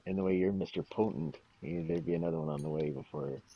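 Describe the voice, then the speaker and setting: A man's voice: fairly high pitch, very animated, fast, creaky, husky, lo-fi sound. A man hosting a gaming stream, chatting casually and rambling through funny stories with frequent laughs. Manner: rambling storyteller, laughs often. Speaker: game stream host. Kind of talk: casual chat while gaming.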